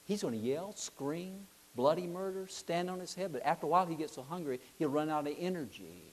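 A middle-aged man preaching a sermon, telling a lively story, acting out voices and asking his listeners questions. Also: on the high side, fairly quick.

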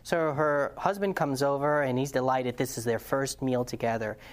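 A man's voice: medium pitch, fairly even intonation, normal speed. A man preaching a lesson to a congregation, passionate and earnest, telling stories and putting questions to the audience. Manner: conversational storytelling with restarts. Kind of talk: sermon-style lesson to a congregation.

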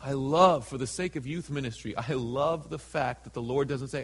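A man preaching a sermon in a church, reading scripture slowly and dramatically and acting out the people in it. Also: medium pitch, lively intonation, breathy edge. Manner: reads scripture slowly and dramatically, voices characters in asides. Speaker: pastor. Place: church sanctuary. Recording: hall with long reverb.

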